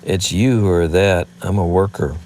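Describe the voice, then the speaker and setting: A man's voice: sits low, steady tone, normal speed, darkish tone, slight background noise, close to an everyday voice. A man reading aloud, voicing an earnest, hardworking desert wanderer.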